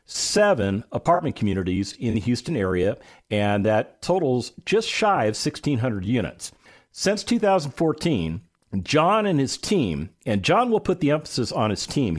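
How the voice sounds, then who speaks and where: A middle-aged man hosting a radio talk show, animated and playful, building up his guest with emphatic asides. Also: mid-range voice.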